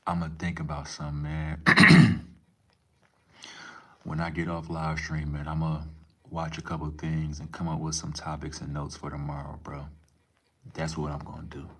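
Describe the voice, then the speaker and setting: A man's voice: extremely low pitch, flat delivery, normal speed, pauses often, a bit bright, husky. A young man live streaming, talking casually and reading chat aloud, laid-back and profane with lots of slang.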